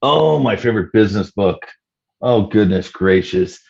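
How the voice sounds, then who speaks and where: Low-voiced middle-aged man, measured answers. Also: animated, gravelly, darkish tone, muffled recording. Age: 50s. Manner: measured, with frequent "you know" fillers. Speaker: startup CEO guest. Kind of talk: casual interview answers.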